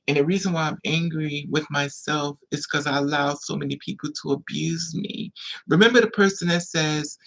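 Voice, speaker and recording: A man speaking in a confessional vlog monologue, rambling in halting restarts and repeated phrases. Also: fairly high pitch, steady tone, creaky, fairly bright tone. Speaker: vlogger.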